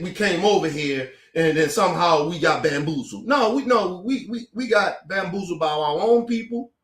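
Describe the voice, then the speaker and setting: Recorded in a room full of echo, a commentator with a strikingly high voice delivers an angry, profane rant to the camera. He's confrontational and keeps tripping over his words and repeating them.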